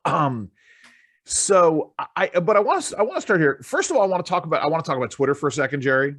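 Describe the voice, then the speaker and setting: A man's voice: on the high side, very animated, quick pace, fairly bright tone, no room sound, clean studio sound. A male co-host of a casual political talk show, rambling with restarts and frequent laughs. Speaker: podcast co-host.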